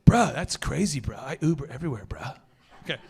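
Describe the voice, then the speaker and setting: A man hosting a podcast, telling stories in a slangy, animated, energetic way. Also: medium pitch, brisk, vocal fry, husky. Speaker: podcast host. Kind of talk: casual podcast chat.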